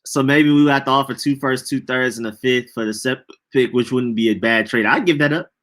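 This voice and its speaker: A man's voice: mid-range voice, brisk, fairly bright tone. A young man hosting a casual sports podcast, chatting loosely and reacting to viewer comments. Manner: loose, chatty, says bro a lot. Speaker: podcast host reading chat.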